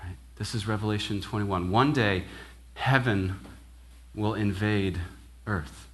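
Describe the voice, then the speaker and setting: Young male minister, slightly low voice, casual animated sermon style, keeps asking "right?". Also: a little slow. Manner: casual and animated, acts out quoted dialogue, frequent "right?". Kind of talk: conversational sermon.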